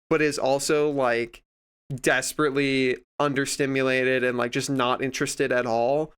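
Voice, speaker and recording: A man's voice: mid-range voice, gravelly, a bit bright, clean tone. A man streaming casual chat, rambling in a profane way and acting out other people in quoted voices.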